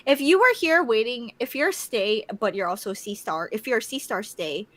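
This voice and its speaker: A woman's voice: a little high, lively intonation, normal speed, dry recording. A young woman co-hosting a casual livestream podcast, chatting, laughing often and reading viewer comments aloud. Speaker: podcast co-host.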